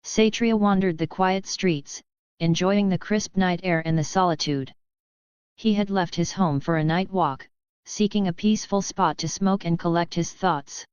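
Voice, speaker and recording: A woman narrating a web novel audiobook in a steady storytelling voice. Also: lowish voice, a little slow, smooth, no room sound, lo-fi sound. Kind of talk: scripted narration.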